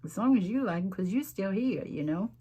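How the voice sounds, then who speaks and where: A woman's voice: medium pitch, lively intonation, brisk, warm tone, breathy edge. A middle-aged woman, chatting folksily to viewers as she crafts at home and rambling between stories. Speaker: craft vlogger.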